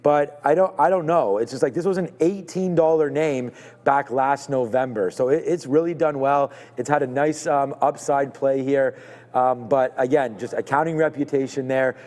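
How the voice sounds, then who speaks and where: A man's voice: mid-range voice, moderate pace, darkish tone, long reverb tail. A man co-hosting a live trading stream, talking through stock earnings in a hedging way and restarting his sentences. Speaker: co-host of a live trading show. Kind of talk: casual market commentary.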